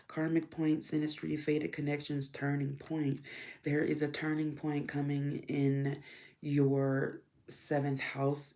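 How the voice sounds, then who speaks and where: A woman's voice: deep voice, creaky, warm tone. A woman with a stuffy, congested voice giving a casual card reading, rambling with frequent ums while she shuffles cards. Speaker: tarot and astrology reader.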